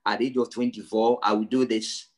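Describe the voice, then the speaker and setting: A male pastor preaching a sermon, emphatic, repeating his phrases and swinging from low and quiet to high and loud. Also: flat delivery, brisk. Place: church service.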